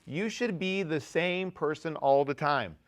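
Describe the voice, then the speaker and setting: A man's voice: on the high side, lively intonation, measured pace. Joking, conversational male pastor preaching. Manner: conversational and joking, swings between loud emphasis and quiet asides. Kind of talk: youth sermon. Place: church sanctuary.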